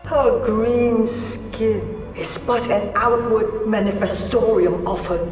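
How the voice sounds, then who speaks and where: A man playing a pompous official, proclaiming slowly and denouncing a witch from a film scene. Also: high-pitched, fairly even intonation, a little mellow, soft background music. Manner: slow, proclaiming. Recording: distant film clip in a reverberant hall.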